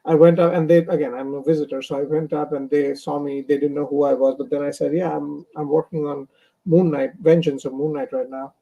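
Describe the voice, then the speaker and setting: Young male comic artist from India, remote interview guest, gravelly voice, hesitant. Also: a little high, little pitch movement, fairly quick, lo-fi sound. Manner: hesitant, many fillers and restarts. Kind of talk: casual interview. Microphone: remote stream call.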